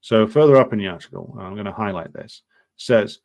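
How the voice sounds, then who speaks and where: Male commentary host, slightly low voice, off-the-cuff and sardonic, hesitant with frequent fillers. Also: fairly quick, gravelly, a little mellow. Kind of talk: unscripted commentary reading from an article.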